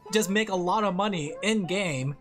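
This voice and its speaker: A woman's voice: mid-range voice, normal speed, soft background music. A woman streamer chatting casually while she draws, rambling and thinking aloud as she reads chat. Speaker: vtuber streamer.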